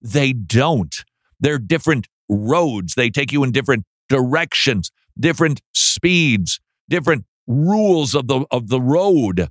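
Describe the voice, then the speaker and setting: A man's voice: mid-range voice, lively intonation, unhurried, no echo, clean studio sound. A male radio talk show host giving emphatic, sarcastic commentary with an incredulous edge.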